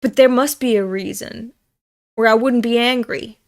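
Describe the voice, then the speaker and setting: A woman's voice: fairly high pitch, normal speed. A young woman from Europe, streaming as she reads a manga aloud, talking in a blunt, profane, angry rant. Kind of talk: live-stream reading with commentary.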